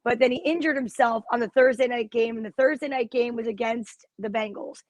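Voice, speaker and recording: A woman co-hosting a casual football chat show, telling stories in an animated, gossipy way. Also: on the high side, brisk, no echo. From New Jersey. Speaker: co-host.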